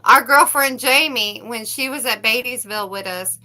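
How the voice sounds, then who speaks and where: A woman, co-hosting a casual livestream chat, a loud, laughing, salty storyteller. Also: fairly high pitch, moderate pace, slight background noise, poor audio. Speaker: co-host.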